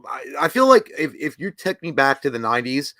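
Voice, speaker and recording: Male podcast co-host, blunt profane ranter, fairly high and bright. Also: sing-song, a little fast, dry recording. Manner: blunt, ranting, crude. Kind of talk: casual profane chat.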